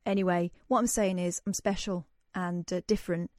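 A woman's voice: fairly low pitch, steady tone, fairly quick, a little mellow, no room sound, clean studio sound. A woman hosting a radio show, chatting casually and reading news aloud with joking asides. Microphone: studio microphone.

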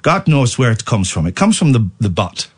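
A man's voice: medium pitch, very animated, normal speed, husky. Playful man hosting late-night radio. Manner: playful, teasing, breaks into mock accents. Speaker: radio host.

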